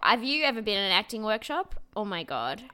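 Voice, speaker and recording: A woman's voice: medium pitch, fairly quick, clear, resonant tone. A young Australian woman co-hosting a podcast over a video call, telling rambling stories and acting out the people in them. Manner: animated, rambling storyteller who acts out quotes. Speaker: podcast co-host. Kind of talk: casual chat.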